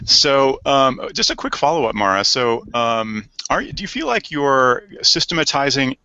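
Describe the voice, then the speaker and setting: A man's voice: medium pitch, big pitch swings, measured pace, bright, forceful tone, clear, resonant tone, dry recording, highs cut off. A man moderating an online panel, asking friendly, conversational follow-up questions. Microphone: video call.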